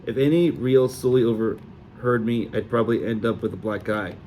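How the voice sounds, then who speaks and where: Male amateur audiobook reader, mid pitch, faint hiss. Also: moderate pace. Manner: steady reading with small slips.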